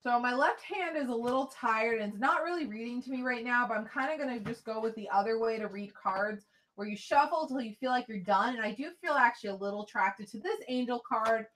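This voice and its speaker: A woman's voice: a little high, fairly quick, a bit bright. A woman vlogger giving tarot card readings in a chatty, casual way, talking straight to her viewers.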